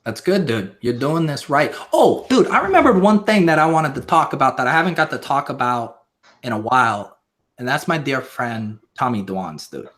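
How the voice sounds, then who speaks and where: A man's voice: medium pitch, animated, moderate pace, a bit bright. A man guesting on a live stream, talking in a theatrical, mock-emotional, rambling comedic way.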